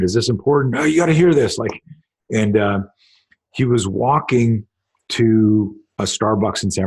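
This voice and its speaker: A middle-aged man, a self-defense coach, telling stories in a casual interview, rambling and animated, acting out quotes with swearing. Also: low voice, breathy edge. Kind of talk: casual storytelling in a podcast interview.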